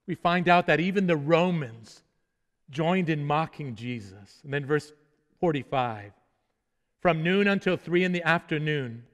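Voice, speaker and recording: Male pastor with a high voice, earnest sermon delivery, stammered restarts, long hall reverb. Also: fairly bright tone. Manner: earnest preaching with repeated restarts and falling, solemn phrase endings.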